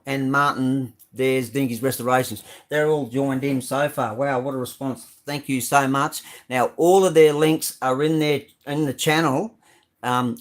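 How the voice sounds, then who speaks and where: Chatty Australian man with many ums. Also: mid-range voice. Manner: chatty, rambling, many ums, greets viewers by name. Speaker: live stream host showing model cars. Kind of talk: casual live stream chat.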